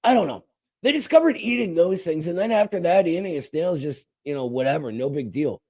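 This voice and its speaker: A man's voice: a little high, expressive, fairly quick, a little mellow. A man hosting a show, delivering a mock-outraged comedic rant full of sarcastic asides. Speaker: show host.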